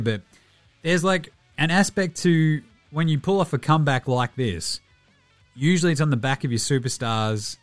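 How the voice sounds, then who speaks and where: A young Australian man hosting a casual basketball podcast, rattling off stats with lively, self-mocking banter and the odd swear. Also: mid-range voice. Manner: animated, swearing, self-mocking, quick stat rundowns. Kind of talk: casual game recap.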